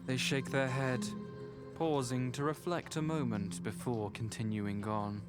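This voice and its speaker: A calm, unhurried game narrator, voiced by an actor who tells the story in the second person with even, descriptive phrasing. The delivery stays slow and steady. A game soundtrack sits clearly underneath. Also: medium pitch, lightly acted. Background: game soundtrack music.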